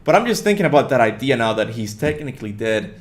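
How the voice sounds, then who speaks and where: Male podcast host, casual, excitable, frequent laughs, remote-call mic. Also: medium pitch, fast talker. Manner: excitable, laughs often, stumbles over words. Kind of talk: casual gaming chat.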